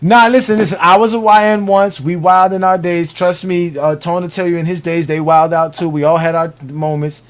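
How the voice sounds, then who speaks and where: A man's voice: high-pitched, moderate pace, hardly any pauses. A man from Miami hosting a live sports stream, talking in a loose, slangy, casual way. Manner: loose, animated, slangy sign-off talk. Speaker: host of a live sports show.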